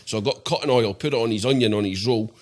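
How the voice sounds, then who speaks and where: Scottish man, thirties, quick cheeky storyteller, swears freely, mid pitch. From Scotland. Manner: swearing storyteller, acts out quotes in high voices. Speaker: guest. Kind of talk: casual chat.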